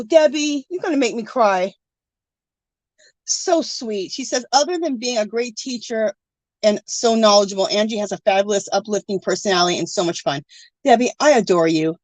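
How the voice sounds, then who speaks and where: A woman's voice: mid-range voice, moderate pace, no room sound. A middle-aged woman hosting an art livestream from home, chatting casually and reading viewer comments, gushing and teary. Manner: warm, gushing, emotional, scattered.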